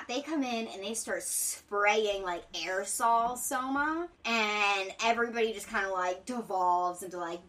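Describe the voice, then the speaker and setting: A woman co-hosting a book podcast, retelling the plot in animated casual chat and voicing the characters' lines with swearing. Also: mid-range voice, far from the mic, poor audio.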